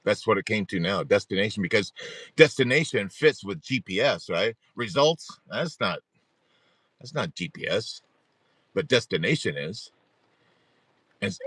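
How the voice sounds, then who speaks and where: This middle-aged man, on a support group livestream, spins an animated, meandering tale and keeps restarting lines. He sounds slightly rough and lowish, recorded without echo.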